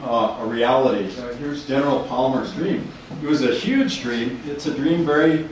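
A man's voice: medium pitch, slight background noise. A man giving a university lecture with slides, rambling and hesitant with many restarts. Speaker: university professor giving a talk. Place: lecture room. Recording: echoey room from far off.

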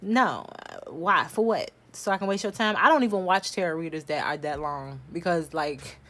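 A woman giving a casual tarot reading at home, talking bluntly and forcefully, swearing freely as she addresses viewers directly. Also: on the low side, moderate pace, few pauses. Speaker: tarot reader. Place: home room.

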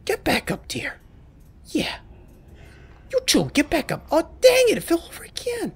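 A man voicing a simple-minded male creature who frets while stacking blocks, in a squeaky, fussy voice. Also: wildly swooping pitch, measured pace, gravelly, heavily acted. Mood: fretful.

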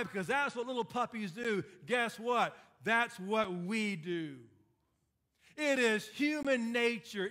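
A man's voice: very high-pitched, bright, forceful tone. A man preaching a sermon as pastor, building points through emphatic repetition and dry sarcasm.

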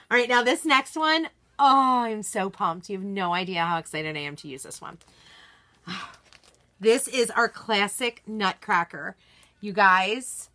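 Woman, bubbly live-stream host, bright voice, gushing, greets viewers by name, casual chat at a home desk. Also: fairly high pitch. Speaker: craft seller hosting a live unboxing.

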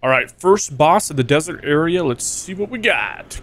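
Excitable young man swearing through gameplay. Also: a little high, a little slow. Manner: excitable, swears often, jumps to yelps when hit. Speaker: gaming streamer. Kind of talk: casual gameplay commentary.

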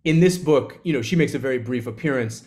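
A male author in a live onstage conversation, telling a story with energy. His voice sits in a middle pitch, and he slips into little acted-out quotes as he talks. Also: quick pace. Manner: animated storyteller, acts out quotes.

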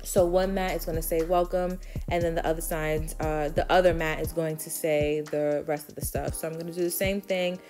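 A woman's voice: sits low, little pitch movement, normal speed, few pauses, darkish tone, soft background music. A woman with a Brooklyn accent giving a chatty, step-by-step DIY tutorial voice-over with frequent ums. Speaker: DIY vlogger.

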